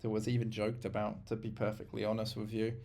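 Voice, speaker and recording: Host, man, lowish voice, frank opinions, talks to the audience. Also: completely flat delivery, fast, vocal fry, warm tone, slight background noise. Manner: frank, opinionated, addresses viewers directly. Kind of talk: casual commentary.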